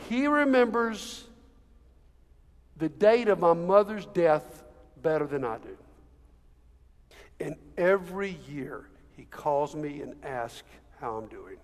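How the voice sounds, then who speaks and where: A man preaching a sermon in a church, conversational, with slow emphatic phrases. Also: high-pitched, in a large hall. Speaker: pastor.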